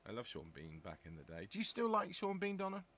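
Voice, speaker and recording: Bright-voiced rambling man in his fifties. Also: medium pitch, wildly swooping pitch, quick pace. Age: 50s. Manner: rambling, chatty, jokey asides. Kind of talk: casual chat.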